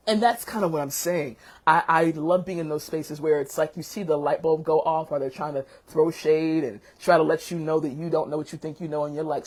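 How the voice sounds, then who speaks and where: A woman teacher hosting a casual chat vlog, an animated storyteller who calls people baby and sweetheart. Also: low voice, fast talker, husky. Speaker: teacher and show host.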